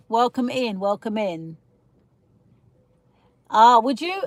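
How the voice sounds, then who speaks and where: A woman's voice: medium pitch, lively intonation, moderate pace, dry recording. Chatty woman ranting on a livestream. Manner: rambling, opinionated, laughs often, greets viewers. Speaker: livestream host reading chat comments. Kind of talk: casual livestream chat.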